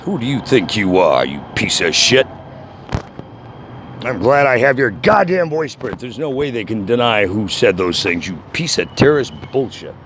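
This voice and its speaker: A man making an angry call to a bank, shouting and swearing constantly. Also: mid-range voice, very animated, normal speed, slight background noise. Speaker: caller.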